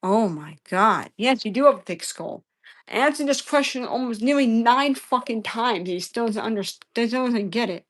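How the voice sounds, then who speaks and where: A woman's voice: fairly high pitch, animated, normal speed. A woman live-streaming a debate, answering chat questions in an exasperated, profane way and repeating herself.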